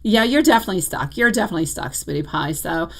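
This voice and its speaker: A warm-toned woman doing live tarot readings, talking straight to her viewers in a loose, chatty way. She leans on endearments like sweetie and my love, laughs easily, and her voice jumps up high when she gets excited. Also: quick pace, poor audio. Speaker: tarot reader. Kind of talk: live-stream chat and readings.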